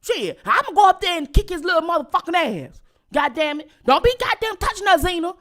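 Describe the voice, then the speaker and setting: A woman voicing a loud, swaggering uncle who curses furiously while defending his niece. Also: very high-pitched, lively intonation, fast talker, voice pushed up. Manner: hollering, cursing, indignant.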